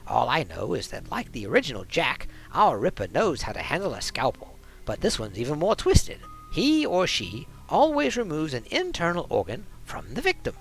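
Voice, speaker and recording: A wry, talkative dwarf coroner from a video game, his voice pushed high and bouncing through a wide, lively range, as a man puts him on. The tone is gravelly, and he explains grim details with dry irony. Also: normal speed, few pauses, faint music behind, full character voice, low-quality recording. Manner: talkative, dryly ironic.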